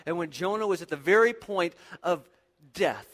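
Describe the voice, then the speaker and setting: A man's voice: sits high, expressive, normal speed. Man preaching in a big echoing room. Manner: preaching with surges of intensity and quiet reflective passages. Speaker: pastor. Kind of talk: sermon.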